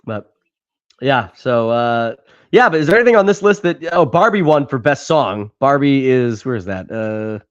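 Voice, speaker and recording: A man's voice: medium pitch, expressive, moderate pace, dull audio. A man co-hosting a podcast in casual chat, rambling with frequent laughs and casual swearing. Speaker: podcast co-host.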